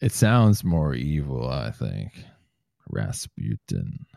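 A man hosting a casual comedy podcast, swearing freely and reading news quotes aloud in a relaxed, joking way. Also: rumbling low, slow, creaky, no echo, clean studio sound. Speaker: podcast host.

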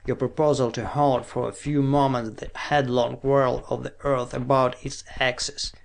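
A man's voice: medium pitch, flat delivery, moderate pace, gravelly, close to an everyday voice. A man reading an audiobook, voicing a stern male scientist leader who addresses the world in a declamatory way. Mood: grave. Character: commanding male scientist leader calling for war.

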